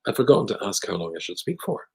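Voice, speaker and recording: A rabbi telling a humorous story with wry, self-deprecating jokes. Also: male voice, fairly low pitch, big pitch swings, fast, gravelly, low-quality recording. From Scotland. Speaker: rabbi, guest speaker.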